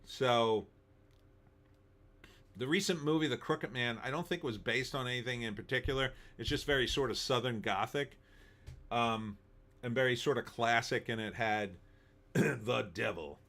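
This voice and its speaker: A man's voice: medium pitch, a little slow, long pauses, fairly bright tone. A man hosting a live movie-talk stream, chatting casually and answering viewer comments in a rambling, opinionated way with lots of ums.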